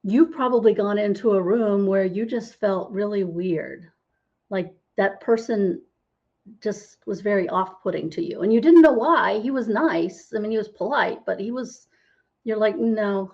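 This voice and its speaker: A woman's voice: mid-range voice, creaky, a little mellow, muffled recording. A middle-aged woman, a holistic healer, explaining as a podcast interview guest and often asking "right?" to check in. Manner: explanatory, tags lines with "right?".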